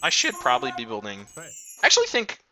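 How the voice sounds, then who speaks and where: A man's voice: mid-range voice, huge pitch swings, fairly quick, sharp tone. A man giving casual, rambling let's-play commentary, swearing often and mocking himself. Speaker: gamer. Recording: noisy recording.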